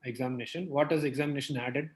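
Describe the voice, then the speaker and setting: A man's voice: mid-range voice, steady tone, racing, slight background noise. A man leading a clinical teaching discussion, quizzing a student and explaining step by step with frequent checks like "right?".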